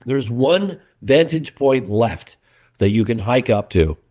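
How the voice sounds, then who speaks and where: A man's voice: medium pitch, takes it slowly. Earnest middle-aged man telling stories. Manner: animated storyteller, earnest. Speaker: documentary filmmaker, interview guest. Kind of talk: casual interview chat.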